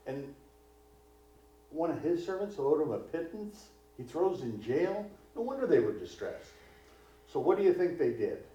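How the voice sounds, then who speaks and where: A man's voice: on the high side, sing-song, moderate pace, mellow. A male pastor preaching a sermon in a conversational way, full of rhetorical questions. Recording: distant, echoey, dull hall recording.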